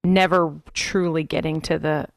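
A woman's voice: sits low, flat delivery, measured pace, no room sound, clean studio sound. A woman from Texas, co-hosting a parenting podcast in a chatty, rambling way. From Texas, USA. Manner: chatty, rambling, frank about tiredness. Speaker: podcast co-host. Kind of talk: casual parenting podcast chat.

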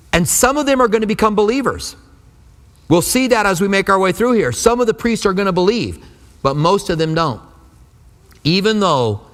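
A man preaching a sermon in a conversational way, slipping into quick acted quotes. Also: high-pitched. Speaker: pastor. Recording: long reverb of a large hall.

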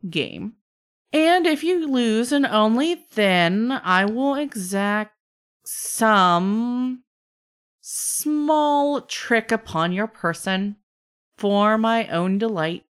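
Trickster spirit, male, playful and bored, played by a woman, smooth voice, teasing drawl. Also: on the high side, pitched above the performer's own voice. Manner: teasing, drawn-out, chatty with trailing fillers.

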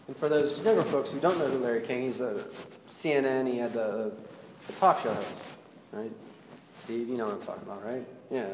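Speaking in a fairly high pitch, this pastor delivers his sermon in a chatty way and asks the congregation questions. There's some slight hiss or hum, and the echoey hall adds faint ambience.

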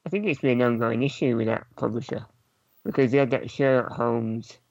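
A man with a gravelly, creaky voice chats on a games podcast. He fills in details in a matter-of-fact way, and the sound is dry and close. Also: medium pitch, brisk, darkish tone, no room sound. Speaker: podcast co-host. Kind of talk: casual podcast chat.

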